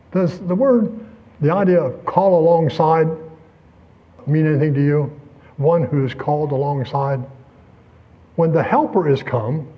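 A man preaching a sermon, telling a story and asking rhetorical questions with lively emphasis. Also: on the high side, breathy edge, dull audio.

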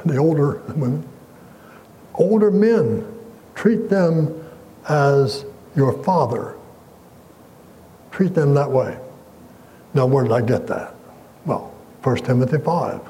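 A man's voice: fairly high pitch, dark tone, slight background noise, poor audio. A man preaching a sermon as pastor, earnest and emphatic, quoting scripture and asking the congregation questions.

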